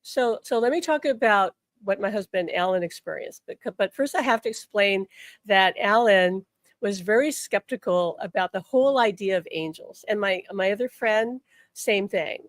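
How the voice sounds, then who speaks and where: A woman's voice: mid-range voice, moderate pace, no room sound. Chatty older woman, dry close mic. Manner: chatty and animated, repeats words, says "like" often. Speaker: spiritual healer and angel teacher. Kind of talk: personal storytelling on a live stream.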